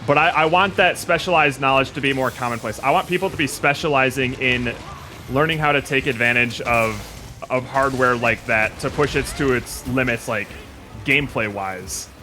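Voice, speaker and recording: A man's voice: mid-range voice, normal speed, bright, forceful tone, soft background music. A man streaming a game and chatting casually, opinionated and rambling with lots of fillers. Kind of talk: casual gaming chat.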